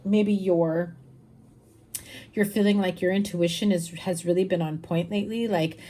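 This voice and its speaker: A woman's voice: lowish voice, fairly even intonation, normal speed, warm tone, a little hiss or hum. Tired, chatty woman reading tarot. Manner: chatty, rambling, with fillers and laughs. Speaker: tarot reader. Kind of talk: casual monthly tarot reading.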